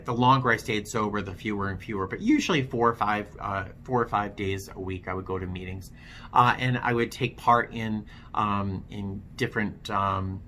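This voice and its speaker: A man speaks straight to his viewers in a candid, conversational way, poking fun at himself as he goes. His voice has a bright, forceful edge. A faint hiss sits under the recording. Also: fairly low pitch. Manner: frank, self-deprecating, conversational with many fillers. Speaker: vlogger telling his recovery story. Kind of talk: candid personal storytelling to camera.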